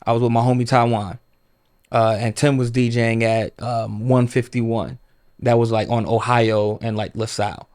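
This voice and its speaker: A man's voice: mid-range voice, flat delivery, moderate pace, darkish tone. A man guest on a podcast, telling stories in a rambling casual way, full of "like" and swearing.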